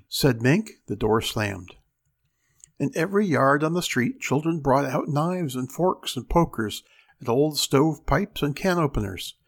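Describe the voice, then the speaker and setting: A male host reads a story aloud with lively, expressive storytelling. His voice has a gravelly rasp. His pitch moves up and down with the action. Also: a little slow. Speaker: host and reader.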